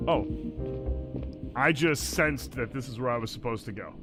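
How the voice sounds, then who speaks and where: A laid-back man talks his way through a video game on a live stream, reading lines aloud and cursing casually. His voice sits at an ordinary middle pitch. Clear game music plays underneath him. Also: animated, normal speed.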